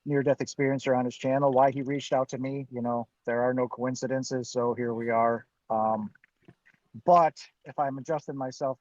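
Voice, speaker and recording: A man's voice: medium pitch, no room sound, muffled recording. A man, a guest, telling a personal story in a rambling way, full of "you know" and "I'm like", from inside a parked car.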